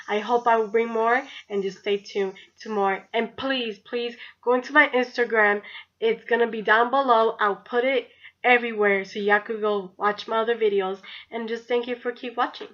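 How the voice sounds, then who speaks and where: A woman's voice: a little high, fairly bright tone. A young woman telling a story on her vlog, chatty and blunt and swearing freely. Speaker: vlogger. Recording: dull lo-fi recording.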